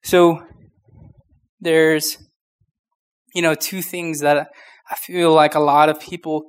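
A man's voice: fairly high pitch, flat delivery, takes it slowly, clean tone. A young man in his twenties preaching a casual youth sermon, short of breath, with many restarts and fillers. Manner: informal, rambling, many restarts. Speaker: youth pastor.

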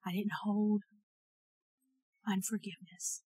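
A woman preaching a sermon and telling a personal story, earnest and swinging between emphatic and hushed delivery. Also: mid-range voice, steady tone, unhurried, long pauses, husky, no room sound, rough recording.

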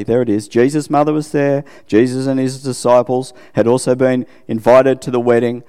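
A man's voice: medium pitch, steady tone, normal speed, hardly any pauses, dark tone, clean tone, long reverb tail. A middle-aged Australian man preaching a casual, conversational sermon, often checking in with his listeners and poking fun at himself. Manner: chatty, self-deprecating, asks listeners questions.

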